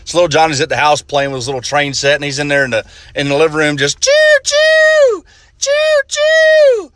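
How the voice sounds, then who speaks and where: A man's voice: racing, dry recording. A man telling a joke expressively, acting out the characters' voices. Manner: expressive, acts out voices with big pitch jumps. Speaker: joke teller.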